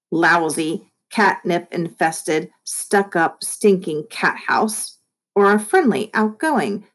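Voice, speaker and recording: A friendly, expressive woman reading a chapter book aloud to children. She speaks straight to her young listeners in a warm read-aloud tone, giving the story lively shading as she goes. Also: on the low side. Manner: friendly, expressive, addresses kids directly.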